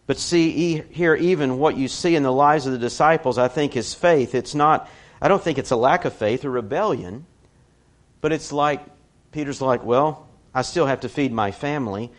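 Guy giving a chatty sermon, tells stories, throws in his own asides. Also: mid-range voice. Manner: conversational, animated storytelling with personal asides. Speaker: preacher.

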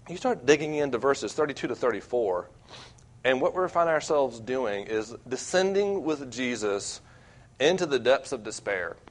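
A young man preaching as a campus minister, earnest and self-deprecating, with wide swings between loud and quiet. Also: mid-range voice. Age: young adult. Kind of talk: sermon.

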